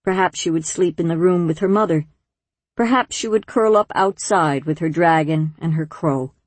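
A woman narrating an audiobook in a measured, gentle storytelling manner. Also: on the low side, no echo. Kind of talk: scripted narration.

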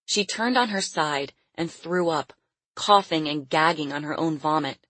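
A woman reading a novel aloud as a narrator in measured storytelling. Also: deep voice, a bit bright, slightly rough, no echo. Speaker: audiobook narrator. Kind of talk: scripted narration.

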